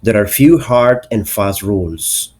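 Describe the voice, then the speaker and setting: A man's voice: fairly low pitch, animated, slow, darkish tone. A man teaching an English pronunciation lesson, carefully enunciating each example word.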